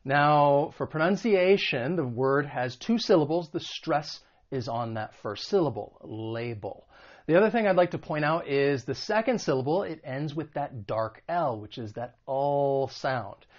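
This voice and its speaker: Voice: mid-range voice, lo-fi sound. An American English teacher from the United States, patiently explaining word meanings and modelling pronunciation. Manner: clear, patient explaining with demonstrations. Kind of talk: vocabulary and pronunciation lesson.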